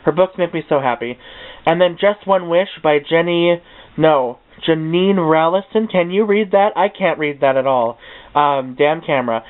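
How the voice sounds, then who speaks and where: A young man giving a rambling, excitable, unscripted tour of his bookshelf, often tongue-tied and swearing casually. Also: fairly high pitch, moderate pace. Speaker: book vlogger. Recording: tinny, phone-like webcam audio.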